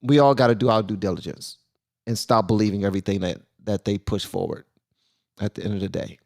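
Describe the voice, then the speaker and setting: A man's voice: fairly low pitch, steady tone, brisk, gravelly, darkish tone. A man hosting a casual live stream and talking loosely, with many fillers and restarts.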